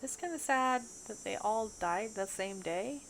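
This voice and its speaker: Here a creaky, medium-pitched female voice with a Bootheel twang talks a little slowly but animatedly through livestream commentary on a mystery game. She muses aloud and reads chat while game music and cicadas play, with a slight hiss or hum present.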